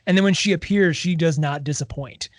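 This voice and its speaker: A man with a notably high speaking voice co-hosts a casual book-club podcast. He retells scenes with energy, slipping into quoted dialogue. The sound is dry and close, with no room around it. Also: brisk, no room sound. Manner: animated retelling, acts out quoted lines. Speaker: podcast co-host.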